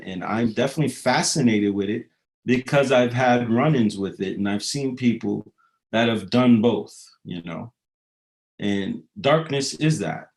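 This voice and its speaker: A man's voice: mid-range voice, gravelly. Man rambling profanely in a medium voice. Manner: profane, loose and philosophical, with many fillers. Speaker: rapper. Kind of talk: casual rambling monologue.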